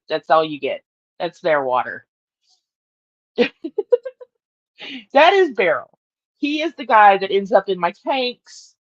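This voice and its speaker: A woman's voice: fairly low pitch, no room sound, highs cut off. A woman hosting a casual morning livestream from her bedroom, rambling, laughing often and talking to her cat. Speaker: livestream host.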